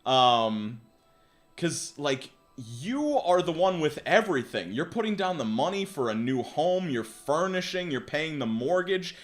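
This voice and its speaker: Animated slangy young man streaming. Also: fairly high pitch, unhurried, faint music behind. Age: 20s. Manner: slangy, animated, swears casually. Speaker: livestream host reading forum posts. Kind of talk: casual live-stream chat.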